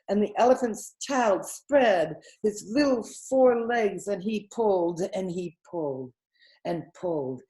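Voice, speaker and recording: A woman reading a children's story aloud in a gentle, expressive storytelling manner. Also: on the low side.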